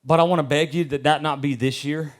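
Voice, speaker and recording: A man's voice: fairly high pitch, fairly even intonation, fairly quick. A pastor in his thirties preaching emphatically, repeating key lines and calling for amens. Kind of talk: sermon.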